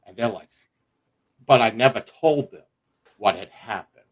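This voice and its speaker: A middle-aged man telling a personal story on a livestream, animated and profane, laughing as he goes. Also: medium pitch, a little slow. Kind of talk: casual storytelling.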